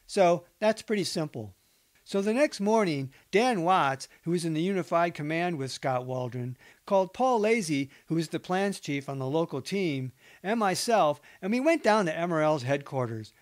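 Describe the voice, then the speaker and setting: Man reading a documentary account aloud. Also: fairly high pitch. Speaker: narrator. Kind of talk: documentary book narration.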